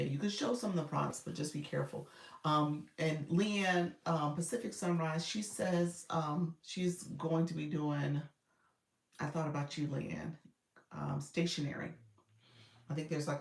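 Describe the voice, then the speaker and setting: A woman's voice: low voice, vocal fry, reverberant, distant mic. A woman coaching viewers on a casual livestream, chatty and speaking straight to them as she reads out their comments. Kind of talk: casual live-stream coaching.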